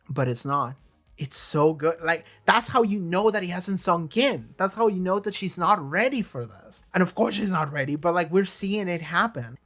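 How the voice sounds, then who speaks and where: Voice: mid-range voice, a bit bright. A video reviewer in a casual monologue, talking with emotional enthusiasm, swearing and often restarting sentences. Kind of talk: casual monologue about a TV show.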